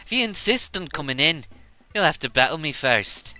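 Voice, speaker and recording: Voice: mid-range voice, sing-song, normal speed, sharp tone. A game streamer voicing a bossy teenage girl trainer in a put-on Scottish accent, playing over music. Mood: stern.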